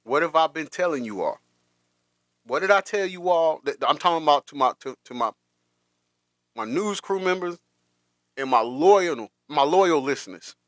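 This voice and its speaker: A man's voice: on the high side, expressive, moderate pace, pauses often, no room sound. A man hosting a reaction stream, talking with emotion, repeating himself and stopping short. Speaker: host.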